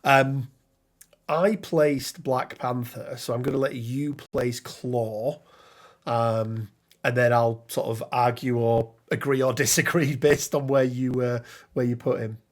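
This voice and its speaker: A man chats casually about a tabletop miniatures game. His talk is loose and conversational, full of ums and quick restarts, and he reads rules text aloud as he goes. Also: mid-range voice, steady tone. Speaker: podcast co-host.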